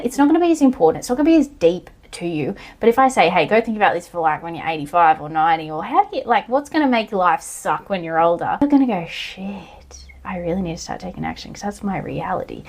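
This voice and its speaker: A woman, talking through a solo coaching podcast in a blunt, casual way, swearing now and then and yelling out acted lines. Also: fairly low pitch. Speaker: online coach and physiotherapist.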